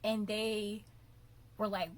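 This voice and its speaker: A young adult woman vlogger giving opinionated commentary in an animated, ranting way, stretching words out for emphasis. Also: medium pitch, takes it slowly.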